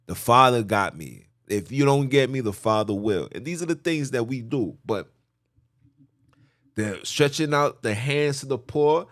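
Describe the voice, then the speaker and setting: A man's voice: mid-range voice, measured pace, dry recording, studio quality. Slangy New man telling stories. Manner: animated storytelling, street slang. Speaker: podcast host. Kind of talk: casual religious talk.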